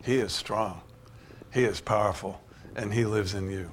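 A man's voice: on the low side, steady tone, normal speed. An older man preaching a sermon, telling stories and building to emphatic declarations. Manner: storytelling, rising to emphatic preaching.

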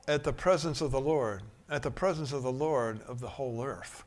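A man preaching a sermon, shifting from quiet musing to loud, emphatic bursts. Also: mid-range voice, normal speed, hardly any pauses.

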